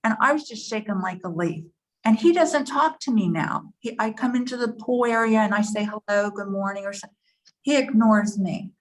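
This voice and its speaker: A woman at a church forum sharing a personal story, earnest and shaken, pausing often with fillers. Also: medium pitch.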